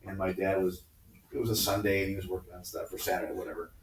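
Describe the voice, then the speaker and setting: A man in his fifties, a teacher, telling family stories in casual class talk and acting out the people he quotes in squeaky high voices. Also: flat delivery, fast talker, a little hiss or hum. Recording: echoey classroom from far off.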